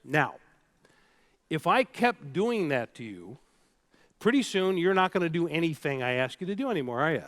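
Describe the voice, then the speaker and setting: A man with a high-pitched voice delivers a keynote from a stage before a live audience. He tells stories with animation and playfully leads the crowd through exercises. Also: very animated, moderate pace, long pauses, fairly bright tone. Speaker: keynote speaker.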